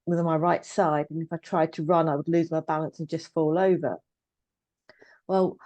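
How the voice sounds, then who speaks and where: A woman in her fifties, a trauma coach and therapist appearing as a guest, tells her personal story plainly and evenly in casual conversation. Her voice is low with a dark tone, recorded close and dry with no echo.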